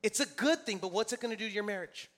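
A man's voice: sits high, lively intonation, quick pace, fairly bright tone. A male pastor preaching a sermon in church, emphatic and repetitive, calling out to his congregation for responses. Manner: repeats key phrases for emphasis. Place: church sanctuary.

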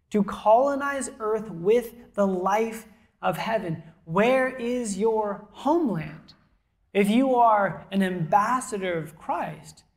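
Woman preaching a conversational sermon. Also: mid-range voice. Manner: conversational, emphatic preaching with quiet asides. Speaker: pastor. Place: church auditorium before a congregation.

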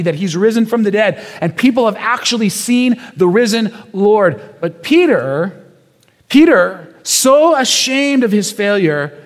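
A man's voice: high-pitched, big-room sound. A male pastor preaching a sermon in a casual storytelling way, with repetitions and rhetorical questions.

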